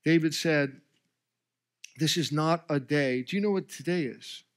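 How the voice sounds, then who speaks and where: A man preaching from the pulpit, his voice sitting a little high for a man. He tells a story with swelling emphasis and briefly takes on the characters' voices as he goes. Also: a little slow. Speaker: pastor. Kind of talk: sermon.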